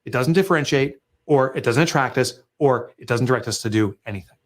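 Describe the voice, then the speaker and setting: A middle-aged man appears as a guest author, discussing business in an animated, emphatic manner at a fairly quick clip. He breaks into lively asides where he acts out sales pitches.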